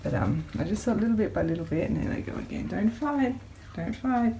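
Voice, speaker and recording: A woman vlogging at home, talking gently to her dog and rabbits in a coaxing voice that often rises into a soft high baby voice. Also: expressive, fairly quick, a little hiss or hum. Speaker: pet vlogger. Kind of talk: casual vlog talk to pets. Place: home room with pets.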